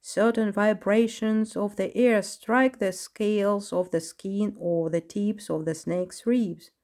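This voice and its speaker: Woman narrator reading a kids' storybook, clear and even. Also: medium pitch, takes it slowly.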